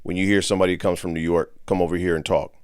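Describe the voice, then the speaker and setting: A man's voice: sits low, level tone, rapid-fire, clean tone, no room sound, studio quality. A middle-aged man from the Bay Area with a Californian accent, a father co-hosting a casual podcast in slangy, laid-back talk. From San Francisco Bay Area. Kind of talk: casual chat.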